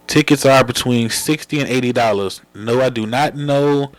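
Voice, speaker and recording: A man's voice: mid-range voice, no room sound. A man hosting a podcast, talking casually and joking with his co-hosts. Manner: laid-back, joking, quick to laugh. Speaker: podcast host. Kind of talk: casual chat.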